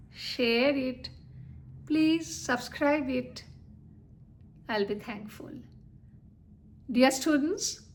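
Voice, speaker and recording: A woman gives a spoken lesson to her channel's viewers. Her voice sits high and she speaks slowly, checking in often with "okay?" and "you know". Her manner is that of a patient teacher. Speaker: English teacher.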